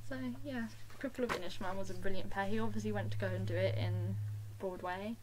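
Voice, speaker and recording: A woman, excitedly telling a personal story to the camera in a casual vlog, with lots of "like". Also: medium pitch, a little fast, background noise. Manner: gushing and excitable, full of "like". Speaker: fan vlogger.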